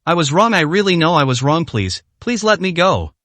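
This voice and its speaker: A man voicing a terrified young woman in a storybook reading, begging slowly in a slightly raised voice. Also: on the high side, very animated, bright, forceful tone, no echo, exaggerated voice. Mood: pleading. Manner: begging, slow and pleading.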